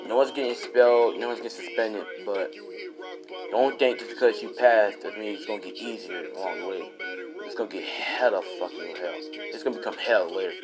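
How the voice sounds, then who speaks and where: A man's voice: fairly low pitch, lively intonation, brisk. A man doing a blunt, stern teacher. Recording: music playing behind.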